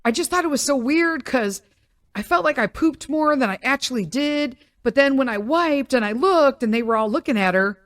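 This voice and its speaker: A middle-aged woman hosting a podcast, telling a story in a rambling, animated way full of tangents. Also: high-pitched, normal speed, dry recording, clean studio sound. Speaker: podcast host. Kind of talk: casual storytelling monologue.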